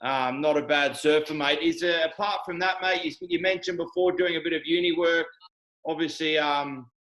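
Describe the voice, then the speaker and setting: A young Australian man hosts a casual chat over a video call. His voice sits a little high. He talks in a chummy, halting way and throws in "mate" almost every line. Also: fairly even intonation, fairly bright tone, rough recording. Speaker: host.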